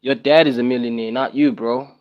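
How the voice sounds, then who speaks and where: A man's voice: medium pitch, fairly even intonation, brisk, dull audio. A young man on a casual livestream, talking to his viewers and repeating himself in exasperated rhetorical questions.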